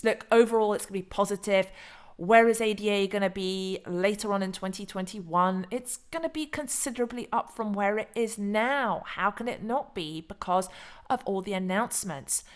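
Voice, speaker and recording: Woman host, casual livestream talk, frank and easily excited, mid-range voice. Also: medium pitch. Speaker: crypto channel host.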